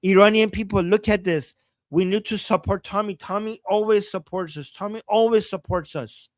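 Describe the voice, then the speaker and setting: Iranian-born guy hosting a livestream, high voice, super dry close sound, keeps gasping and reading the chat. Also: moderate pace, no room sound. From Iran. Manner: excitable, reads chat aloud, reacts with exclamations. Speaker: livestream co-host. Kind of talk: live commentary on rally footage.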